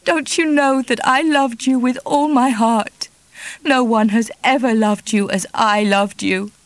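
A woman's voice: on the low side, a little slow, no room sound. A woman reading an audiobook, voicing a grieving young woman who sobs and pleads through tearful outbursts. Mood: sobbing. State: crying.

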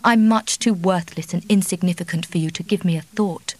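A woman's voice: lowish voice, brisk, a little mellow, dry recording, close to an everyday voice, poor audio. A woman reading the part of a remorseful, anxious young wife who speaks earnestly and pleadingly.

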